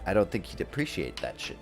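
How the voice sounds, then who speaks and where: A man's voice: lowish voice, sing-song, moderate pace, faint music behind. Chatty male game streamer. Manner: chatty, laughs often, uses fillers and swears. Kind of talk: casual commentary while gaming.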